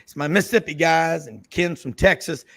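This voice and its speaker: A man with a slightly high, gravelly voice hosts a casual sports radio roundtable. He rambles and jokes, drifting into stories between questions. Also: moderate pace, a bit bright. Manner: rambling, jokey storyteller.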